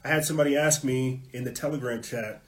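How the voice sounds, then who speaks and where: Male podcast host, heated rant, mid-pitched voice, muttered asides and loud hammering emphasis. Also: fairly even intonation, fast, rough recording. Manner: profane at peaks.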